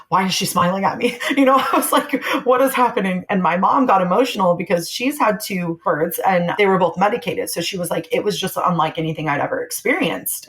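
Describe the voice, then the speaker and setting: On a roughly recorded podcast, a young woman with a lowish, slightly bright voice shares her birth story as a guest. She's candid and thoughtful in this conversational telling, laughing as she voices the things others said to her.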